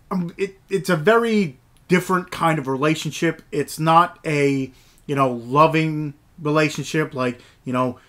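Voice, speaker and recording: A man's voice: a little high, fairly bright tone. Rambling man reviewing a movie. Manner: rambling, filler-heavy, enthusiastic. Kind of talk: casual movie review vlog. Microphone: camera mic, movies shelved behind.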